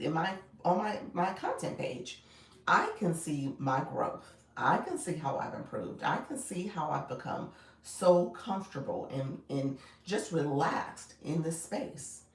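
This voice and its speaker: A woman's voice: lowish voice, creaky, echoey room, recorded from a distance, rough recording. Female live coach, casual and friendly with viewers, sits back from the mic. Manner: chatty, greets viewers by name, laughs often. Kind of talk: casual livestream chat.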